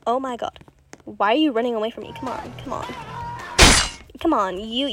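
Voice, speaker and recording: A teenage girl hosting a gaming podcast, chatting casually and excitably while she plays, rambling and saying "literally" a lot. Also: a little high, normal speed, long pauses, poor audio. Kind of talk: casual gameplay commentary. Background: game music.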